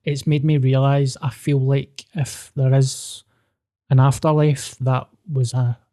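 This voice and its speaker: A man's voice: mid-range voice, measured pace. Sweary young man telling a story. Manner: sweary, animated, with frequent restarts. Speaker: podcast host. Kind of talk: casual storytelling.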